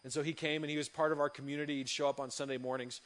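A man's voice: fairly high pitch, flat delivery, rapid-fire. Earnest young man preaching a story. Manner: earnest, conversational, many fillers and restarts. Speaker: youth pastor. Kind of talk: sermon storytelling. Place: church hall.

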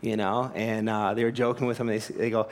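This male pastor speaks fairly quickly at a fairly low pitch, keeping his tone level. His sermon is earnest and emphatic, full of rhetorical questions and anecdotes he tells with light laughs.

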